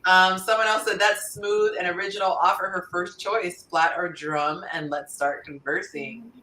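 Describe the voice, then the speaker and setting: A woman hosting a casual panel chat, animated and laughing often as she reads listener answers aloud. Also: on the low side, moderate pace, reverberant, distant mic, slight background noise, low-quality recording. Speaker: host.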